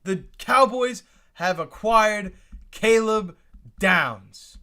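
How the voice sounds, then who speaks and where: High bright-voiced excited male streamer. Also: a little slow. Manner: exclamatory, repeats himself, talks to chat. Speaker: livestream host reacting to the draft. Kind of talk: excited live reaction stream.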